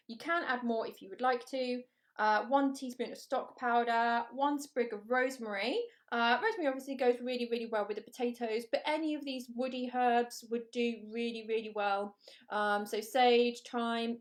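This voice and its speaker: A woman's voice: a little high, moderate pace. A woman hosting a live vegan cooking show, chatting upbeat with viewers and reading out their comments. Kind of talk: live cook-along chat.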